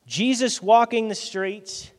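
A male pastor preaching a sermon in a lively, conversational way, his loudness swinging from soft asides to sudden bursts. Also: high-pitched, slow pace. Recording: long hall reverb.

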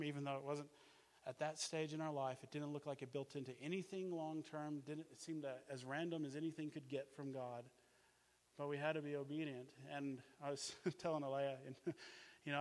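A man sharing a personal faith testimony as a sermon, animated and swinging from hushed moments to loud bursts. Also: mid-range voice, in a large hall. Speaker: missionary base leader.

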